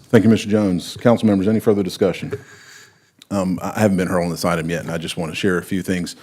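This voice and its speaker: A man, chairing a county council meeting and explaining things in a measured way. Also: deep voice, steady tone, a little mellow.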